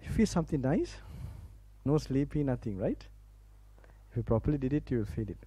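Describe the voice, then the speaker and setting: A Buddhist monk from Sri Lanka speaks English with a Sri Lankan accent, delivering a sermon to a live audience in a campus hall. His voice is very dark and mellow, with a husky edge. His delivery is loose and chatty, broken by laughs and restarted phrases as he guides listeners. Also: mid-range voice, very animated, fairly quick. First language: Sinhala. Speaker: Buddhist monk giving a Dhamma talk. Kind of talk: sermon with guided relaxation instructions.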